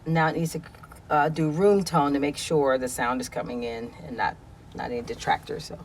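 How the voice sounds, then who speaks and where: Low-voiced woman explaining her home setup. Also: steady tone, normal speed, a little hiss or hum. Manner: explanatory, chatty, self-correcting. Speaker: voice actor. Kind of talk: casual screen walkthrough. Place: quiet room at home. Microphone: studio condenser microphone.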